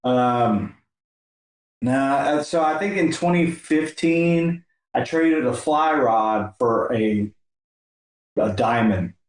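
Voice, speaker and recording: A male podcast host chatting casually and telling a story in a relaxed, filler-heavy way. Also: mid-range voice, slow. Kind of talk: casual conversation. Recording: echoey room.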